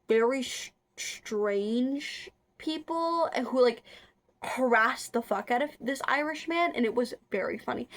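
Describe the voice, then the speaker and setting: A chatty young woman with a slightly high voice talks casually to her viewers. She rambles, trips over her words and fills gaps with likes and ums. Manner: rambling, chatty, frequent filler words and restarts. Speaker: vlogger. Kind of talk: casual chat.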